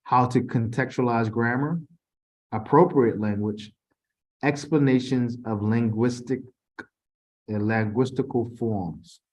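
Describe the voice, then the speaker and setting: A man's voice: medium pitch, takes it slowly, darkish tone. A man tutoring a student in a casual session, reading quiz questions aloud with frequent restarts. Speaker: TESOL instructor.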